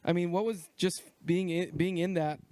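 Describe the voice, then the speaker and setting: A man's voice: sits high, fairly even intonation, normal speed, a little mellow, clean tone, no room sound. A man co-hosting a podcast, asking follow-up questions in casual chat. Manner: asks follow-up questions, brief reactions. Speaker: podcast co-host.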